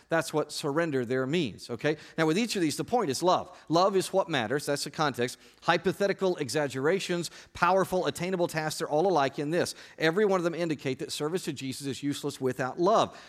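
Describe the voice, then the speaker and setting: Joking, lively male pastor preaching. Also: fairly high pitch. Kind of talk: sermon. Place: church stage before a congregation.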